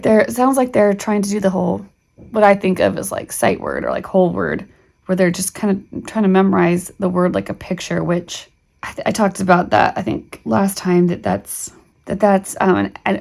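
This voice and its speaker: A woman's voice: medium pitch, normal speed, gravelly, a little mellow. A middle-aged woman talking casually through a reading primer as a homeschool channel host, rambling with many fillers and restarts.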